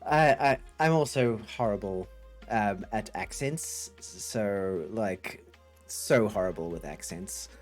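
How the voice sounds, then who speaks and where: A man's voice: fairly low pitch, animated, slow pace, soft background music. A man hosting a casual coding livestream, thinking aloud and chatting with viewers in a rambling, upbeat way. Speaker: livestream host.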